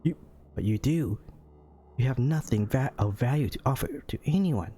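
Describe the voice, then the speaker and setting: A man's voice: mid-range voice, expressive, moderate pace, warm tone, a little hiss or hum, close to an everyday voice. A man putting on a scornful cruel blind date woman. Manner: cutting and scornful.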